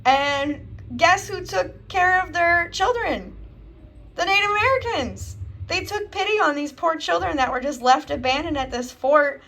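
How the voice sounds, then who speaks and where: A woman's voice: high-pitched, a bit bright. A young woman teacher giving a casual history lesson from home, acting out historical figures in a jokey voice. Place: home, with a dog nearby.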